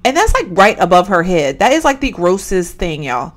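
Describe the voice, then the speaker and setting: A woman giving animated, exclaiming let's-play commentary and chatting straight to her viewers. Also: lowish voice, normal speed. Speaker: gaming channel host.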